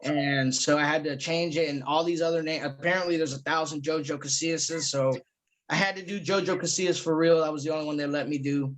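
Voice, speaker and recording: A man with a notably high-pitched voice talks in a loose, casual podcast chat. His stories run on with frequent fillers and plenty of profanity. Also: steady tone, brisk, fairly bright tone, slight background noise. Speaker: guest comedian.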